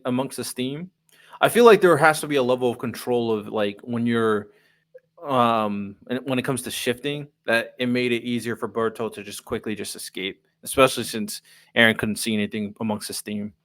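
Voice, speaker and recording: A man's voice: mid-range voice, moderate pace, a bit bright. A young man hosting a casual manga reaction, reading panels aloud, stumbling over words and adding his own commentary.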